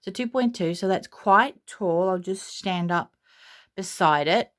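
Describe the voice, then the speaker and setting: A woman's voice: medium pitch, a little slow. A woman with an Australian accent gives a casual, gushing, rambling tour of her nursery at home, full of fillers. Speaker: vlogger.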